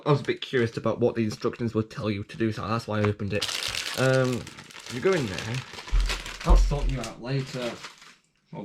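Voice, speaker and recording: A man's voice: mid-range voice, darkish tone, a little hiss or hum. A man getting over a cough, chatting casually in a vlog and rambling with lots of fillers and restarts. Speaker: vlogger. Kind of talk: casual unboxing chat.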